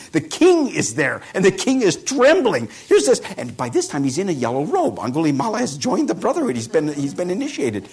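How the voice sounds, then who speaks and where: A man's voice: medium pitch, slightly rough. A man giving a storytelling talk, hesitant, with many fillers and self-corrections. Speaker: speaker.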